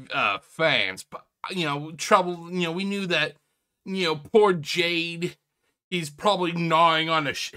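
A man hosting a reaction video, laughing often, swearing and mocking what he watches while addressing viewers as ladies and gentlemen. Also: fairly high pitch, clear, resonant tone. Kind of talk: casual reaction commentary.

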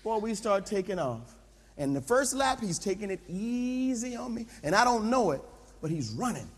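A man preaching and telling a comic story, talking straight to the crowd in an animated way. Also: high voice, normal speed, slightly rough. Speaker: pastor. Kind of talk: humorous sermon storytelling. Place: large camp tent. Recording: long reverb in a large camp tent.

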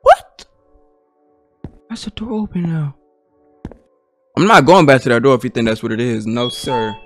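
A man's voice: medium pitch, big pitch swings, moderate pace, fairly bright tone, soft background music. A young man streaming a horror game, talking to himself and his chat in nervous, slangy bursts. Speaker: gaming streamer.

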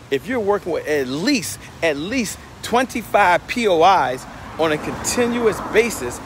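A man's voice: on the high side, a little hiss or hum. A man hosting a casual livestream vlog, walking outdoors and talking into a handheld phone, upbeat and motivational, a little out of breath. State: slightly out of breath. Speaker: host. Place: outdoors, walking near a hotel. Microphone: phone held in hand.

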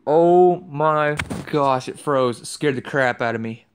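A young man giving excitable commentary over a game he is playing, trash-talking opponents. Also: on the high side, a little slow, few pauses, smooth. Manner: excitable, yelps and trash-talks. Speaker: gaming YouTuber.

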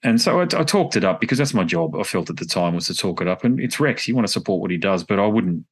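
A man's voice: deep voice, lively intonation, quick pace, slightly rough. A man with an Australian accent, a podcast host chatting casually, rambling and candid, often correcting himself mid-sentence. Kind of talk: casual conversation.

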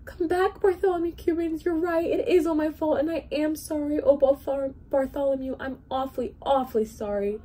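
A woman's voice: high voice, lively intonation, normal speed, warm tone, pitched above the performer's own voice. A woman doing a pompous old storybook king. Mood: tearful. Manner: pompous, commanding, bellowing. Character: proud, blustering old king, mighty ruler turned helpless.

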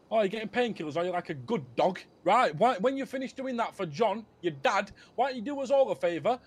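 A man voicing a hot-headed young male crew boss in a game role-play, ranting and swearing. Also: high voice. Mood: mocking. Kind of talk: GTA role-play voice chat.

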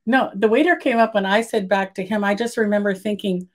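Older woman telling a lively story. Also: mid-range voice, fairly quick. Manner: animated, acts out her own past words. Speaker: podcast guest. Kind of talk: casual storytelling in an interview.

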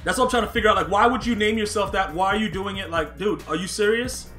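On a live stream, a young gaming streamer commentates his football video game, talking to chat at a quick pace and repeating himself when excited. His voice is high and bright, with soft music playing behind him.

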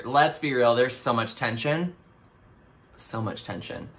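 A young Canadian man with a Canadian accent, reacting to his old TV show in animated, self-mocking casual commentary. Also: mid-range voice, moderate pace.

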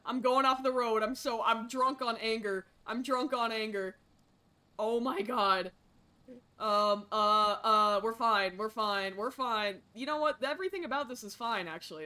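A young woman streaming a game, chattering chaotically as a frazzled parent, muttering then shrieking. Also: on the high side. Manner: excitable, swings from mutters to sudden shrieks. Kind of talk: chaotic game commentary, role-playing a parent.

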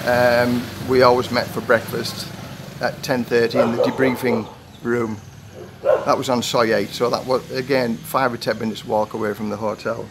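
Over some background noise, a medium-pitched vlogger, retired and in his sixties, spins a meandering anecdote to camera. His storytelling monologue is full of false starts and quotes he performs.

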